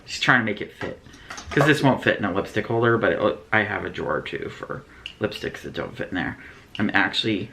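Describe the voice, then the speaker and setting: A woman's voice: a bass voice, lively intonation, brisk, gravelly, fairly bright tone, slight background noise. A woman hosting a beauty unboxing vlog, chatting in an easygoing way. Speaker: beauty vlogger host. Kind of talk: casual unboxing chat.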